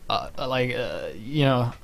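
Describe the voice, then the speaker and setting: A young man from Norway, telling personal stories casually in a rambling, animated way with free swearing. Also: medium pitch, slow pace, gravelly. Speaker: channel host.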